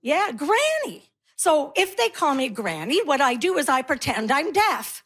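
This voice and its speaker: A woman's voice: high-pitched, sing-song, a little slow, a bit bright. A woman, doing a wry, self-mocking stand-up comedy set. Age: 60s. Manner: wry, self-mocking, punchy delivery with put-on voices.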